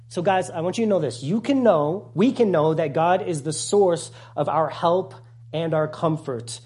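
A man, a pastor, giving a conversational, animated sermon with asides to the congregation. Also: on the high side, measured pace, breathy edge.

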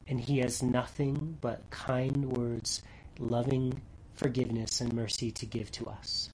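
A man preaching a sermon earnestly, dropping to soft near-whispers for tender lines and rising loud when reading scripture. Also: medium pitch, steady tone, unhurried, slight background noise, low-quality recording. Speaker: pastor.

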